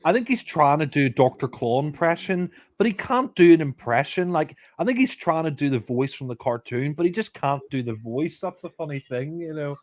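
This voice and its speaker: A man's voice: fairly high pitch, expressive, moderate pace, few pauses, no room sound. Blunt man, dry close mic. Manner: blunt, offhand, restarts often. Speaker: film commentator. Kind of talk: casual commentary chat.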